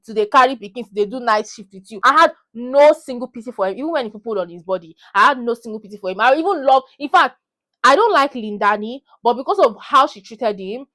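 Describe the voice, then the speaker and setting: Quick, animated, and a bit bright, her voice sits on the high side as this young Nigerian-accented vlogger rants to her phone camera about a movie. She's heated and repeats lines for emphasis.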